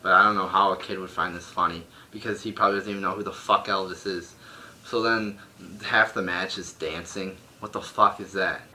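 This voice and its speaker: A young man at home reviews a wrestling show, ranting bluntly and exasperatedly with plenty of swearing. His deep voice moves fairly quickly with fairly even intonation, sounding pushed and bright, and there's a little hiss or hum in the room recording.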